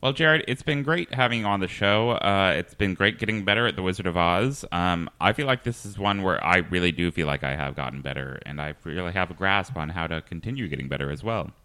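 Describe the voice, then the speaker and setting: A man hosting a comedy podcast, deadpan and hesitant, full of ums and uhs. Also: deep voice, a little fast, few pauses, smooth, no room sound. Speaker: podcast host.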